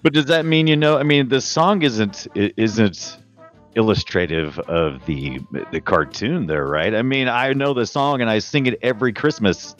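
A man on a comedy podcast, jumping in with quick jokey remarks. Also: medium pitch, muffled recording, faint music behind. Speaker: podcast co-host. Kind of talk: casual comedic chat.

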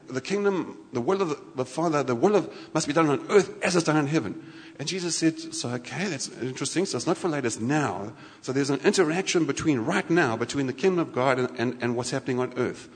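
A man preaching a sermon in a lively, conversational way, often restarting his sentences. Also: mid-range voice, fast. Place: church hall. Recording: church hall reverb.

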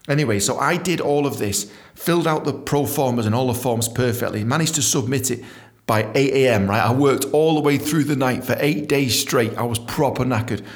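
A British man hosting a podcast, telling stories in a lively, profane, casual way and acting out the dialogue. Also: mid-range voice, fairly quick. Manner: animated, profane, acts out dialogue. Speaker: podcast host. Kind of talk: casual storytelling.

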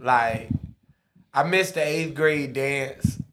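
Slow-talking young man cheering the story on. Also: medium pitch, fairly bright tone, a little hiss or hum. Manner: slow, egging on with short interjections. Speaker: podcast co-host. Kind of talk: casual chat.

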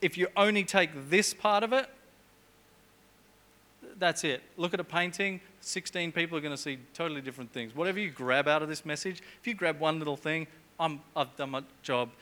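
A man's voice: a little high, a little fast, bright, forceful tone. A middle-aged man preaching a sermon in a church, chatty and jokey, with humorous asides.

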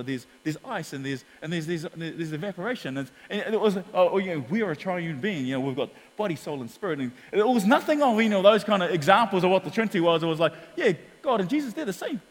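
Man, New Zealand accent, pastor, sermon, animated storyteller, slightly higher voice, reverberant church hall. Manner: animated storytelling, acts out quotes.

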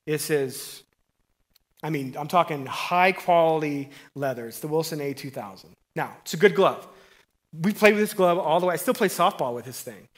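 A middle-aged man delivers a lively, conversational sermon. His voice sits a little high for a man. He punches key words loudly, then drops to near-whispered asides. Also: normal speed. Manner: energetic and conversational, swinging from loud emphasis to quiet asides. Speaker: preacher.

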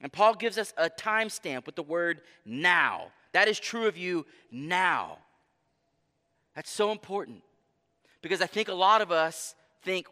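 A man preaching a sermon, earnest and emphatic, slowing down to stress key phrases. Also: a little high, bright, forceful tone, in a large hall. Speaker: pastor.

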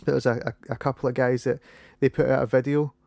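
A Scottish man in his thirties hosting a casual conversation, talking in halting phrases with many restarts. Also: medium pitch, little pitch movement, gravelly, a little mellow, no room sound. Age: 30s.

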